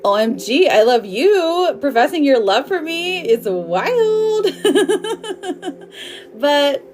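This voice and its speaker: Slow and sing-song, this woman's high-pitched voice carries a darkish tone over slight background noise. She's a tarot reader doing a live session, chatting loosely and warmly with lots of fillers and laughs, calling viewers "girl" and "my love."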